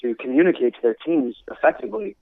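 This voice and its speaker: A former military instructor, appearing as a guest, talks earnestly about his army career in a conversational storytelling interview, often restarting his words. His voice is a little high and creaky, with lively intonation and a fast pace. The audio sounds phone-quality, with no room sound.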